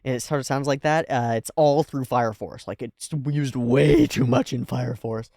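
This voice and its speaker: A man hosting a casual anime reaction, thinking aloud with fillers, laughing often and breaking into loud, high-pitched exclamations. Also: steady tone, moderate pace, dry recording, clean studio sound.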